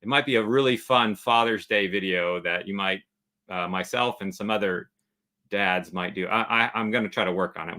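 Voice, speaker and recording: Bright-voiced man hosting a livestream. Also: sits low, moderate pace. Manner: chatty, reads viewer comments aloud, cracks dad jokes. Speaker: travel channel host. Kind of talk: casual livestream chat.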